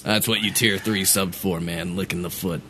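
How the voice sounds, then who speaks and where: A man's voice: sits low, steady tone, moderate pace, bright, forceful tone, slight background noise. A young man co-hosting a livestream, teasing his friend in casual chat at a home setup. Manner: teasing, dry. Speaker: co-host.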